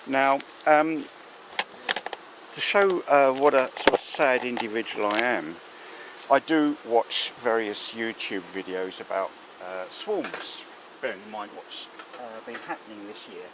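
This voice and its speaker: A man's voice: mid-range voice, unhurried, background noise. A man, a beekeeper giving rambling, filler-heavy commentary outdoors at a hive, recorded on camera. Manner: chatty, rambling with many fillers. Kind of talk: casual hands-on commentary. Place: outdoors beside a beehive. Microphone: handheld or mounted camera. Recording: buzzing bees clearly heard behind. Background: buzzing bees.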